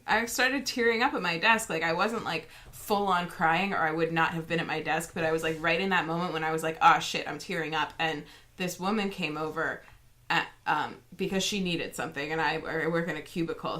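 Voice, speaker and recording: A woman with a low, bright and forceful voice, chatting casually as a podcast co-host. She rambles through her stories with plenty of fillers and restarts. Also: moderate pace. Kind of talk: casual chat.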